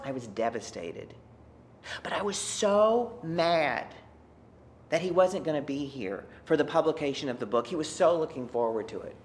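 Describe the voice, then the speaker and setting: A man's voice: medium pitch, gravelly, a little hiss or hum. A man in his fifties from Texas telling a personal story in a reflective, conversational way with wry asides.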